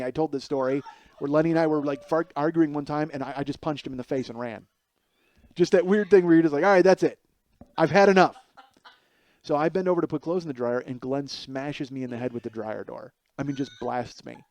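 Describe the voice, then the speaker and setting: A man in his forties tells a comic story on his own podcast, rambling and swearing freely as he pokes fun at himself. His voice sits at a mid pitch. He speaks into a headset mic, and the sound is dry and close, with no room echo. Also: mellow. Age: 40s. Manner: rambling, profane, self-deprecating. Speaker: comedian podcast host.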